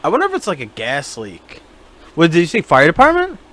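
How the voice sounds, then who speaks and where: Man, young adult, podcast co-host, casual chat, jokey, bright, slightly high voice. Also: huge pitch swings, brisk. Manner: laid-back, jokey, acts out quoted voices.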